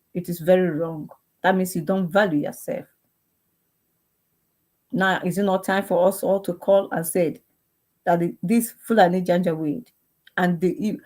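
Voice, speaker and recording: A young woman with a Nigerian accent speaks in a fervent, pleading way, firing off one rhetorical question after another and then shifting into prayer. Her voice sits on the lower side for a woman. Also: a little mellow. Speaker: activist. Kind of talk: impassioned appeal and prayer.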